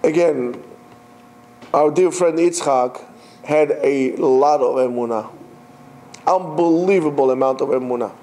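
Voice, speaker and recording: A man giving a Torah class, telling a story in an animated way and mixing Hebrew terms into his speech. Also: fairly high pitch, unhurried, long pauses, slight background noise. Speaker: Torah teacher.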